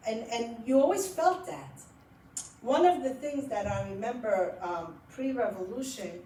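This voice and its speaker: Animated storytelling woman, roomy distant sound. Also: mid-range voice, slight background noise. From Iran. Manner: animated, laughs often while telling stories. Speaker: author speaking at a book event. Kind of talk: storytelling talk to an audience. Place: library event room.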